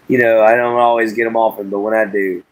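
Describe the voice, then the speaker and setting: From inside an RV, a man hosts a casual livestream, talking to his chat in a folksy, drawling way. His pitch is fairly low, and the audio is poor.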